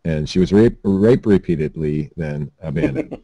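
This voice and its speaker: A man's voice: medium pitch, big pitch swings, moderate pace, creaky, dark tone, no echo. A man hosting a comedy podcast, reading odd news items aloud with joking asides and occasional stumbles.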